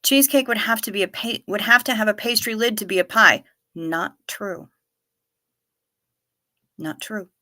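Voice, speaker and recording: A woman's voice: fairly high pitch, fast, hardly any pauses, pushed and bright, no room sound, clean studio sound. A woman hosting a live stream in a casual, chatty way, reading out viewer comments with wry asides and repeating herself for effect. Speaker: livestream host.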